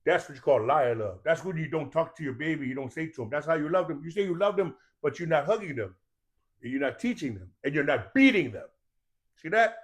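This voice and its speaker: A man with a slightly high voice speaks as a podcast guest. He tells stories in loose, casual talk, swears freely and lectures like a preacher. He keeps stopping to ask whether his listeners understand. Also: expressive, brisk. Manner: profane, preachy, keeps asking "you understand that?".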